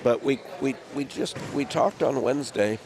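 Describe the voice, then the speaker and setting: A man's voice: mid-range voice, normal speed, vocal fry. A man who coaches college bowling, talking earnestly and humbly in casual chat. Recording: noisy background.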